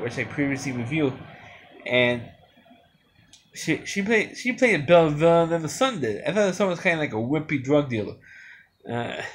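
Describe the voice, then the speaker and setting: A man's voice: a little high, slight background noise. A man giving an unscripted movie review, rambling along with many restarts and fillers.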